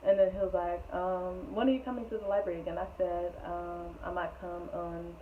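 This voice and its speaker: A woman's voice: fairly low pitch, little pitch movement, fairly quick. Young woman telling a story, tinny sound. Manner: chatty, rambling, laughs often. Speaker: storytelling vlogger. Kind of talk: casual storytime. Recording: tinny phone-like sound with faint noise.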